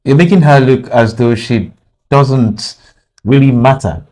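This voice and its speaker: A man's voice: medium pitch, measured pace, a little mellow. A man with a Nigerian accent hosting a radio talk show, pushing back on his guest with challenging questions. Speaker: radio host.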